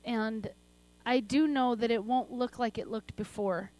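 A middle-aged woman preaching a sermon and praying, passionate, laughing often and swinging between soft and loud delivery. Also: a little high, measured pace. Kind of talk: sermon with prayer.

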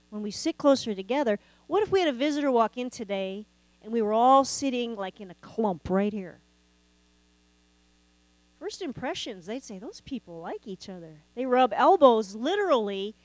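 A woman's voice: a little high, a little mellow, no room sound, low-quality recording. A woman preaching a sermon, talking conversationally and asking the congregation rhetorical questions. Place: church sanctuary.

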